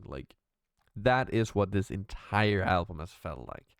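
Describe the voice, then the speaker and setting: A man's voice: deep voice, expressive, unhurried, clear, resonant tone, dry recording, studio quality. A man hosting a music reaction video, talking through his thoughts in a searching, casual way and swearing freely.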